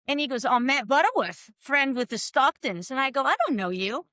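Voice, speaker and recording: A bright, fairly high-voiced woman in her sixties tells stories in a casual podcast conversation. She is animated, acts out the voices she quotes and laughs often. The sound is close and dry. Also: brisk, few pauses, no echo. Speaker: guest, former team soigneur. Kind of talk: casual storytelling in a podcast interview.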